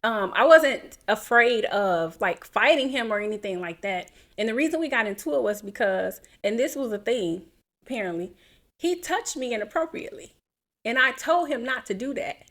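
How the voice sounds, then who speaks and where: A woman in her thirties, a podcast co-host, telling a personal story in an animated, casual way and acting out what people said. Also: on the high side, moderate pace. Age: 30s. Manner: animated, acts out quotes, laughs while telling.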